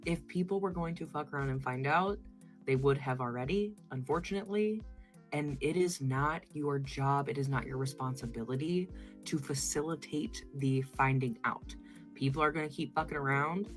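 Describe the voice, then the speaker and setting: A woman vlogger giving blunt, profane commentary straight to her viewers. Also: sits low. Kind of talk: casual commentary.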